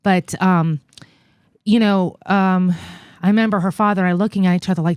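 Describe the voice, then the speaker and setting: An American woman in her forties, a guest in an interview, telling a personal story in a halting, earnest way with many fillers. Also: lowish voice, fairly even intonation, darkish tone, clean tone, dry recording, studio quality. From United States. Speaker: guest, congressional candidate.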